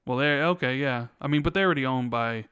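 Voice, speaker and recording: Smooth-voiced man from Chicago. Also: mid-range voice, fast, a bit bright, dry recording, studio quality. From Chicago, USA. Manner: rambling, reads viewer questions aloud. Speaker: podcast co-host. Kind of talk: casual podcast chat.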